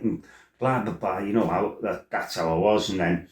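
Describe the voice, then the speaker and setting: A man's voice: deep voice, moderate pace. A middle-aged man tells his own life story in a blunt, salty way, swearing freely and wandering into asides. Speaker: former fighter telling his life story. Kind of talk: casual storytelling monologue. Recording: roomy echo.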